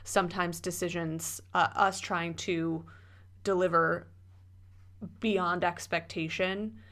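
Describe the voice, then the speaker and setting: A woman with a slightly low voice co-hosts a casual podcast. She talks in an easy, conversational way and fills her pauses with ums and likes. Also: steady tone, a bit bright. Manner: conversational, with frequent fillers. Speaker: podcast co-host. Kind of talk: casual chat.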